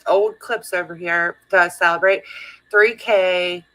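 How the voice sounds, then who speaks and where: A woman's voice: on the low side, steady tone, slow, a bit bright, poor audio. A woman hosting a live stream, laughing and reacting to old clips while greeting viewers. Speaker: streamer host. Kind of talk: casual live-stream chat.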